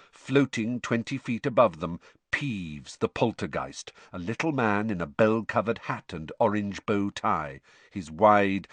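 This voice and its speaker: A man narrating an audiobook in an animated storytelling manner. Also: on the low side, dry recording. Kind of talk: scripted narration.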